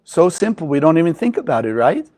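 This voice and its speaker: High-voiced man giving an animated spiritual lecture. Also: fast talker, low-quality recording. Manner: animated, rhetorical questions to the audience. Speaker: Kabbalah teacher.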